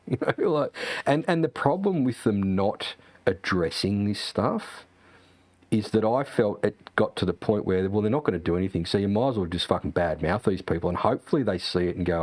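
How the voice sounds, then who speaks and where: A man's voice: on the low side, animated, fairly quick, darkish tone, no echo. A man, a sim racing streamer, chatting casually and ranting with lots of profanity and fillers. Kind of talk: casual chat.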